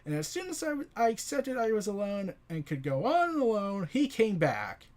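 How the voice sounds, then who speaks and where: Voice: medium pitch, wildly swooping pitch, moderate pace, a little mellow. A comic reviewer voicing a bitter young male superhero who runs through his woes sarcastically. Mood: sarcastic.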